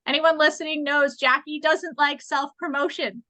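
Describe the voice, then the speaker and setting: A woman's voice: sits high, steady tone, moderate pace, pushed and bright, no room sound, rough recording. Emphatic woman co-host, dry close sound. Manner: earnest and emphatic, repeats for stress. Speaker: podcast co-host. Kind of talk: casual conversation.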